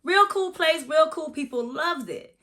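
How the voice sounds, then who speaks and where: A woman's voice: high-pitched, animated, unhurried, bright, forceful tone. A woman from Florida, a massage therapist, telling a spooky personal story in a chatty, profane, dramatic way in a casual vlog.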